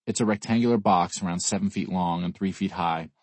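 A man narrating an audiobook in the first person, in a weary, brooding, even manner. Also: sits low, fairly quick, no room sound.

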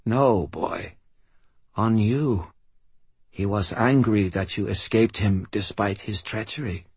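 A man voicing a dying old male swordsman, weak and wheezing, who speaks in slow, broken, rasping phrases. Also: lowish voice, darkish tone, no echo, pitched above the performer's own voice, exaggerated voice. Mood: faint, rasping.

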